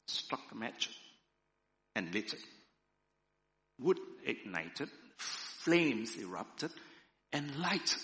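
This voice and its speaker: A man preaching a sermon and reading a story aloud with slow, dramatic storytelling. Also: mid-range voice, sharp tone. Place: church. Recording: echoey hall.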